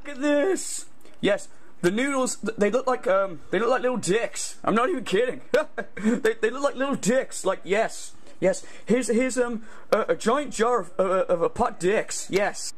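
A man's voice: high-pitched, lively intonation, normal speed. A man impersonating a whiny male streamer taste-testing noodles, rambling and stammering as he chuckles off-mic. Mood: giggling. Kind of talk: parody impression.

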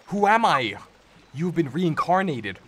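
A man voicing a gentle female fairy guide who speaks in a soft, formal, reassuring way. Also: fairly high pitch, big pitch swings, measured pace, noisy background.

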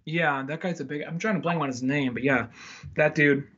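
A man's voice: fairly high pitch, normal speed, a bit bright, husky, muffled recording. A man co-hosting a casual movie podcast, rambling with lots of "like" and restarts. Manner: rambling, full of likes and restarts. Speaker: podcast co-host.

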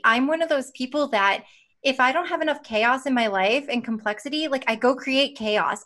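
A woman's voice: fairly high pitch, sharp tone. A woman speaking as a podcast guest, an emphatic executive who repeats phrases for effect and often says "like". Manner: uses "like" as a filler. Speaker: sales consultancy CEO, guest. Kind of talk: energetic business podcast talk.

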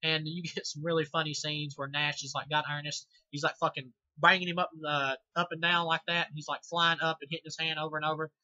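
Bright, sharp-toned man rambling through a film review. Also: on the high side, flat delivery, fast, few pauses, no echo, lo-fi sound. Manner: rambling, many fillers and restarts, casual swearing. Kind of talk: casual spoken film review.

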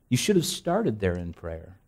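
A man's voice: fairly low pitch, huge pitch swings, slow, vocal fry, darkish tone. A male pastor preaching a conversational sermon, asking rhetorical questions and repeating phrases, with self-deprecating asides. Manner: self-deprecating humor, frequent restarts.

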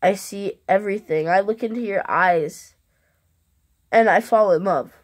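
A woman speaking a heartfelt love message to camera, earnest and halting, with long pauses. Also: medium pitch. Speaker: vlogger.

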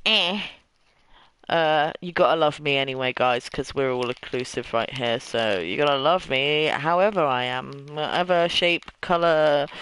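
A man's voice: fairly high pitch, fairly bright tone, smooth, dry recording, poor audio. A young British man with a slight lisp, chatting casually and rambling in a self-deprecating way while streaming a game live. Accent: British English. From Britain.

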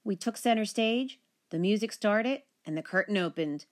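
A woman teacher reading a children's picture book aloud, with expressive, animated storytelling. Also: mid-range voice, normal speed.

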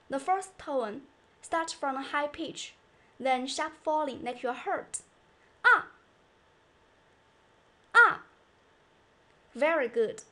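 Slow, high-voiced woman teaching. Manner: slow, carefully enunciated, demonstrating tones. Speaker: Chinese teacher. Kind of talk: scripted language lesson.

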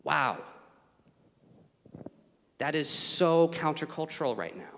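A man preaching a sermon in a church sanctuary, his voice carrying a long hall reverb. He is animated, climbing to raised, emphatic passages and then dropping to hushed asides. His pitch sits mid-range for a man. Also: vocal fry. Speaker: guest preacher, student ministry director.

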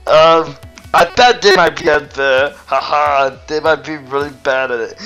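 A man's voice: a little high, a bit bright. A man giving casual gameplay commentary, giggling and playing up mock anger with lots of rambling filler sounds. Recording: dull lo-fi mic with faint noise.

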